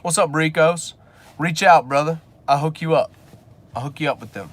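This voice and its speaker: A business coach who hosts a channel rants from his car in a fairly high voice at a moderate pace. He's blunt and preachy in his motivational talk, swearing casually as he addresses viewers.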